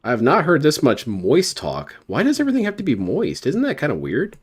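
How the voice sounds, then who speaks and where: A man's voice: a little high, huge pitch swings, a little fast, slightly rough. A male host reacting to a stream clip, teasing and sarcastic as he talks over it. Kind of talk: mocking commentary over a clip.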